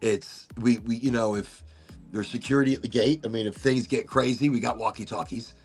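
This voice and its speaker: A man hosts a loose, casual chat in a husky, breathy voice, wandering from thought to thought and cutting himself off. His voice has a gravelly edge, with faint music playing behind him. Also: mid-range voice, fairly even intonation, fairly quick. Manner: rambling, laughing, self-interrupting. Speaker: podcast host.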